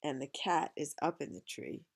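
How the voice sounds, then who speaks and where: Low gravelly woman reading a picture book. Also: moderate pace. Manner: chatty, pointing out pictures. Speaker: reader of a picture book to a child. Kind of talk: children's book read-aloud with asides.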